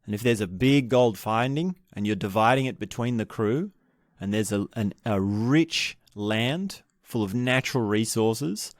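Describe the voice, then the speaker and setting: A man's voice: lowish voice, no echo, studio quality. A man hosting a book podcast, retelling a historical story in a casual, thinking-aloud way with restarts and asides. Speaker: podcast host.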